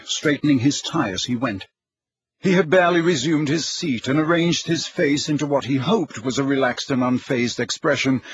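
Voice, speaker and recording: A man narrating an audiobook in a measured, even storytelling manner. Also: fairly high pitch, husky, highs cut off. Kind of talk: scripted narration.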